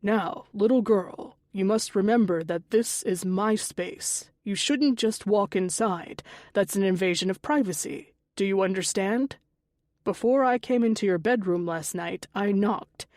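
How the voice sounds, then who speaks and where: A calm father figure who lays down rules patiently and evenly, strict underneath, read by a woman narrator. Her voice stays close to her own, in a dry, close recording. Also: medium pitch, unhurried, no room sound, lightly acted. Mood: firm. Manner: patient, lecturing, gently firm. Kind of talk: audiobook character voice.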